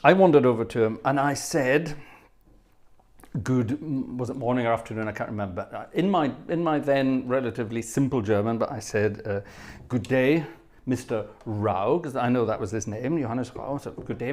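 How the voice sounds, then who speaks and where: A man's voice: medium pitch, quick pace, few pauses, a little mellow. A man hosting a livestream, telling anecdotes in a chatty, self-deprecating way between pieces of music. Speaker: livestream host and organist. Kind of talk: casual chat.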